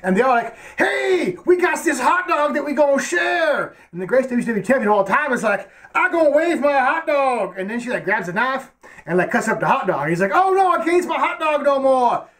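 A man's voice: sing-song, brisk, a bit bright, exaggerated voice. A man playing Kelvin, a dim-witted young film fan who rambles with broken grammar and stammered restarts. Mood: dopey. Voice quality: very high goofy voice. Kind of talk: comedic character sketch.

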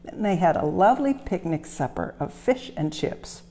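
A woman reading a children's story aloud as a museum storyteller, gentle and expressive. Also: fairly low pitch, normal speed. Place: railway museum.

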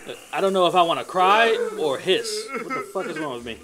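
Music plays behind a gamer who riffs profanely and at length over a life-simulation game, often making fun of its characters. His high voice is very animated, and his pace is fairly quick.

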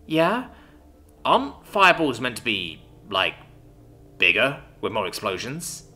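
Man doing a low-key young guy student. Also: wildly swooping pitch, unhurried, sharp tone, full character voice. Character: young male human student.

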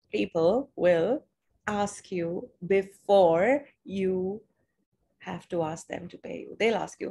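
A woman coaching viewers through a guided exercise on a live stream. She speaks in a soothing, repetitive way at a medium pitch and laughs softly now and then. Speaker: money coach.

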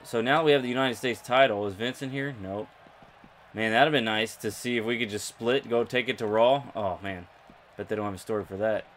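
A young man commentating his own video game playthrough, excitable and jokey, talking to his viewers. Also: on the low side, a little fast, a little hiss or hum. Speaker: gaming YouTuber. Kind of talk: let's play commentary.

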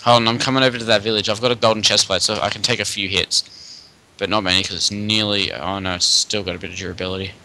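A young man talking through a video game match, excitable and prone to sudden bursts. His voice is very bright and forward, pitched a little low for a man. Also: quick pace, low-quality recording. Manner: excitable, laughs and chants in bursts. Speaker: gamer. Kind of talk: casual gaming commentary.

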